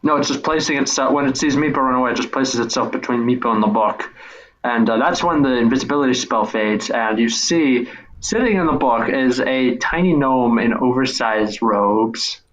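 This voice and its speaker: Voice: mid-range voice, normal speed, a little hiss or hum. A game master narrating a tabletop game in a loose, chatty way, with many fillers and restarts. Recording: dull lo-fi recording.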